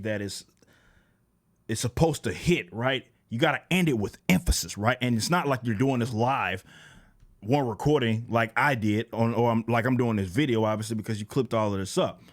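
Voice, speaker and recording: A young man reacting to a clip in casual commentary, mocking and repeating himself, rising higher as he gets animated. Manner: casual mocking, repeats words, rises in pitch when animated. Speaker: YouTube commentator.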